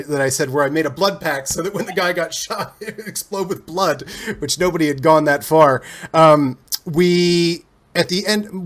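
Rambling storyteller man, fairly high voice. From Cincinnati, USA. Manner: rambling, animated anecdotes with self-corrections. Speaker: guest. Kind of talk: casual interview storytelling.

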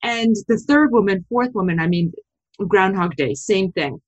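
A middle-aged woman, a sociology professor, telling a story in a podcast interview, with big jumps in pitch when she quotes herself. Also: moderate pace, highs cut off. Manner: animated storytelling, pitch leaps when quoting.

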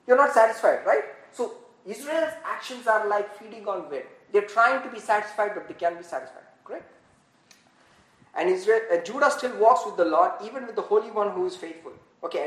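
Animated Bible teacher in an echoey room. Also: mid-range voice. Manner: animated, often laughing at own points, checks in with "correct?". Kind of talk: informal Bible study teaching.

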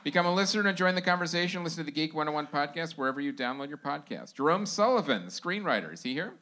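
A man hosting a podcast live, reading sponsor shout-outs in a loose, laughing, informal way. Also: a little high, animated, very fast. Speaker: podcast host. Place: live show venue.

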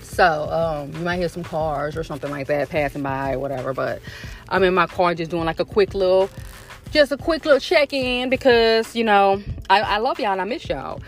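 A woman's voice: on the low side, lively intonation, normal speed, faint music behind. A woman with a Southern US accent hosting a casual faith and wellness podcast check-in from inside her car, talking to listeners in a chatty, repetitive way. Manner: chatty, repeats herself, addresses listeners as y'all. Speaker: podcast host.

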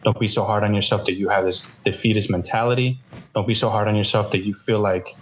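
A man's voice: fairly low pitch, fairly even intonation, normal speed, muffled recording, slight background noise. A man giving earnest advice on fatherhood and faith in casual talk, often repeating words as he searches for them.

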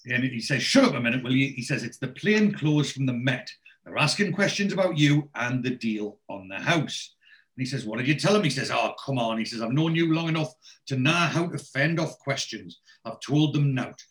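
A podcaster with a mid-range voice tells the story of a TV series at normal speed, acting out the characters' lines. His casual recap is full of fillers and restarts.

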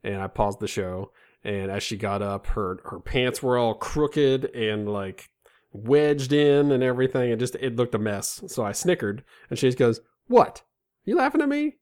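A man's voice: mid-range voice, normal speed, clean tone. A man in his thirties, co-hosting a comedy podcast, telling self-deprecating stories and slipping into silly voices. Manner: self-deprecating, animated storyteller with put-on voices. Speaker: podcast co-host. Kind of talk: comedic banter.

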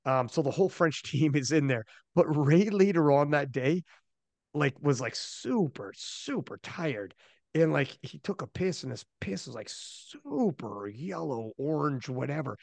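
A man hosting a podcast, telling stories in animated, profane casual chat on a close mic. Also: on the high side, normal speed, gravelly, no room sound. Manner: animated storyteller, loose and profane. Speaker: podcast host.

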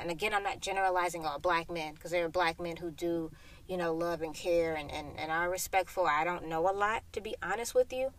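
A woman's voice: on the low side, a little fast, a bit bright. A young woman from Florida hosting a solo podcast, talking bluntly and heatedly with lots of swearing, recorded inside a parked car. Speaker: podcast host.

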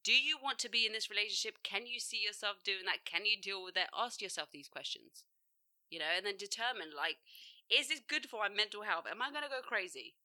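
A woman's voice: medium pitch, animated, fairly quick, sharp tone. A young woman co-hosting a podcast, talking bluntly in casual chat, often laughing and swearing offhand. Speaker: podcast co-host.

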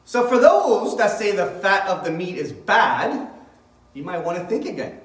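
A man's voice: high-pitched, very animated, normal speed, roomy sound, recorded from a distance, rough recording. A man preaching as a pastor, reading scripture aloud and then explaining it with rising emphasis. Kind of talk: sermon.

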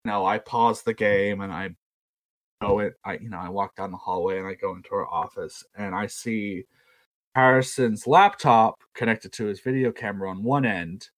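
A man's voice: fairly low pitch, normal speed. A young man from South Carolina with a Southern US accent, telling a story in a rambling, self-deprecating way. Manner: rambling, self-deprecating, acts out quoted voices. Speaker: podcast storyteller. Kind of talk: casual storytelling.

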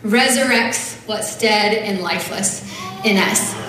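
A woman preaches at a church service, reading scripture aloud in an earnest, conversational way with casual fillers. Her medium-pitched, slightly bright voice moves slowly and is captured from a distance in a very echoey church hall.

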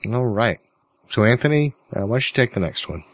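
A man hosting a podcast in casual, relaxed chat, joking easily with his co-hosts. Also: medium pitch, brisk, dry recording. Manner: relaxed, easygoing, joking banter. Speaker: podcast host.

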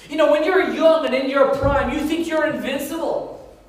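A middle-aged man with a high, light voice, preaching in a big church. He tells stories with lively self-mockery, and his voice rings through a very echoey hall, heard from some distance. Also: moderate pace. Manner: storytelling preacher, animated and self-mocking. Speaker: pastor. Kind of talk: sermon.

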